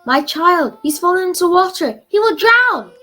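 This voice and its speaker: A woman reading aloud and voicing a desperate village mother with loud, high, frantic cries. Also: animated, normal speed, full character voice.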